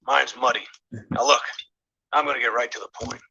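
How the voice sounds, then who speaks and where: A gruff, blunt cartoon crook. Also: male voice, medium pitch, fairly even intonation, fairly quick, pushed and bright, lo-fi sound, exaggerated voice. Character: gruff middle-aged man hiring hitmen, blunt. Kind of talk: animated film dialogue.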